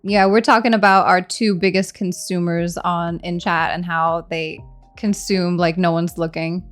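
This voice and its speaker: A woman's voice: lowish voice, unhurried, soft background music. Chatty, teasing woman streamer. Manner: animated, laughing, teasing. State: hungry, eating during stream. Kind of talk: casual live-stream chat.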